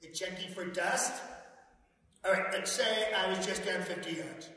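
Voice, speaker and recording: A blustering boastful president. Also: male voice, high voice, a little slow, sharp tone, heavy reverb, in a large hall, distant mic, poor audio. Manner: boastful, repetitive, whiny. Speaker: actor doing a president impression. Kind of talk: comedic impression.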